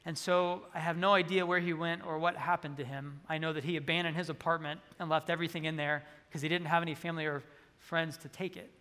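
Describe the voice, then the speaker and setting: A man's voice: on the high side, little pitch movement, quick pace, pushed and bright. A man preaching a sermon, telling a personal story earnestly and acting out the dialogue. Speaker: pastor. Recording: long reverb of a large hall.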